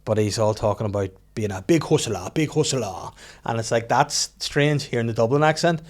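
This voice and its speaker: A man hosting a comedy podcast, telling stories in quick casual chat and laughing often. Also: mid-range voice. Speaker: podcast host.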